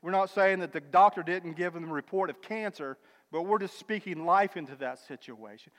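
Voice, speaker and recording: A high-pitched man preaching in a church hall, his voice ringing with a long reverb. He swings between emphatic, swelling declarations and quiet, conversational asides, addressing the congregation as brother and sister. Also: normal speed. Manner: emphatic, builds to loud declarations then drops to quiet asides. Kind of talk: sermon.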